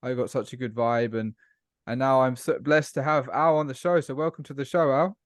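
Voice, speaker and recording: A man's voice: medium pitch, fairly even intonation, fairly quick, no room sound, studio quality. A man with a British accent hosting a podcast, introducing his guest with enthusiasm and asking him questions. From British Isles. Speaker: podcast host. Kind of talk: conversational podcast interview.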